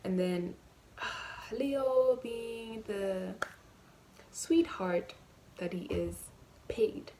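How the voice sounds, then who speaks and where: A woman, telling a storytime vlog story in an animated, emphatic way and acting out the dialogue. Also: mid-range voice, extremely slow, long pauses, slight background noise. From Namibia. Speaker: vlogger.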